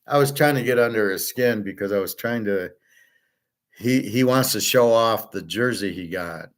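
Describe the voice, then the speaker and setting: A man's voice: on the low side, moderate pace. A man hosting his own show, talking in a blunt, opinionated, rambling monologue full of fillers and restarts. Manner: mimics others in quoted asides. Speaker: host.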